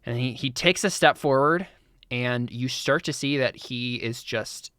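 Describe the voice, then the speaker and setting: A man's voice: medium pitch, a little slow, a bit bright, clean tone, no room sound, clean studio sound. Chatty male game master narrating. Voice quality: chatty, laughing, filler-heavy.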